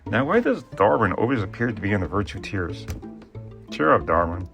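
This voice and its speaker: A man's voice: fairly low pitch, normal speed, gravelly, music in the background. A man telling a humorous historical story, with playful asides and jokes about his own mistakes. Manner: jokey asides, playful and animated.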